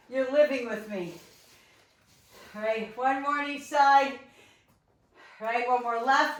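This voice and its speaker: A woman with a higher voice coaches a live workout from her living room, speaking slowly with long pauses. Out of breath but chatty, she cues moves with encouragement, and the echoey room is picked up by a distant mic.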